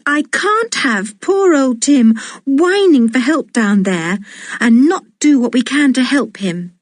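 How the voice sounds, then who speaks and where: A woman voicing a stubborn young girl who is fiercely loyal to her dog, calling out in a high, urgent voice. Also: lively intonation, takes it slowly, no echo, studio quality, heavily acted. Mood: determined.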